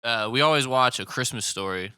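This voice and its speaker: A man's voice: medium pitch, brisk, pushed and bright, clean tone, no room sound, clean studio sound. A man from Indiana, a podcast guest, chatting casually and telling profane, laughing stories in which he acts out the people he quotes. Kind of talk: casual chat.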